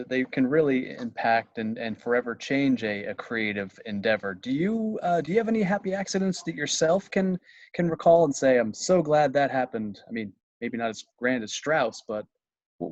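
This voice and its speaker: A man's voice: medium pitch, very animated, moderate pace, no echo, muffled recording. A man hosting an interview, asking questions hesitantly with small stumbles. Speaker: interviewer, host.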